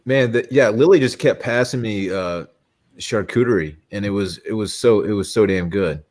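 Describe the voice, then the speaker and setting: A man's voice: on the low side, normal speed, darkish tone. A man co-hosting a live show, chatting and teasing friends with frequent laughter. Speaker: co-host. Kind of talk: casual banter between friends.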